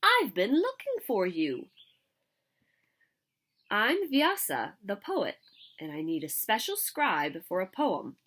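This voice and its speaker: A kindly old man, a poet from a children's storybook, who talks gently and without hurry, played by a woman. His lines rise and fall in a lively way. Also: mid-range voice, slow pace, long pauses, full character voice. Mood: earnest.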